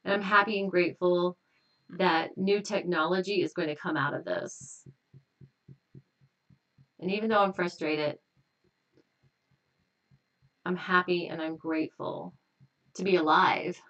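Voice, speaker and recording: A woman hypnotist at home, hosting a live stream and slowly leading repetitive guided tapping affirmations. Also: lowish voice, steady tone, recorded from a distance. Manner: slow, repetitive, gently affirming.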